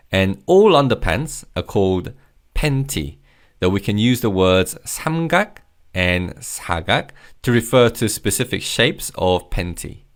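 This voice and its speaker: A man who grew up in Korea, teaching vocabulary in a scripted lesson and patiently leading repeat-after-me drills. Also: medium pitch. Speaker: language teacher.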